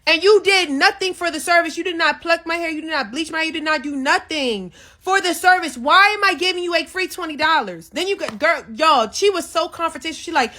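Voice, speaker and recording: A woman rants through a casual storytime, exasperated and profane, talking straight to her viewers as y'all. Her voice sits high and sounds bright. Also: fairly quick, few pauses. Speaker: storyteller recounting a salon dispute.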